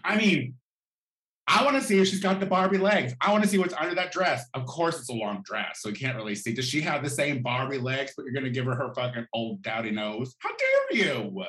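A man's voice: mid-range voice, a little fast, a bit bright. A man doing a sassy, profane comedic rant, campy and full of exaggerated outbursts, recorded in an echoey room. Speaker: vlogger.

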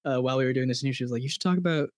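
A man chatting casually on a podcast, animated and stammering with many restarts, swearing and laughing often. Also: mid-range voice, very fast, no room sound, studio quality. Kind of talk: casual chat.

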